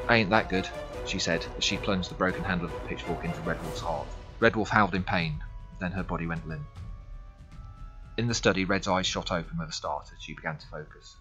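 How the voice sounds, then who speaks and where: A man's voice: sits low, steady tone, fairly quick, pushed and bright, soft background music. A man narrating a fantasy audiobook story in a dramatic storytelling manner.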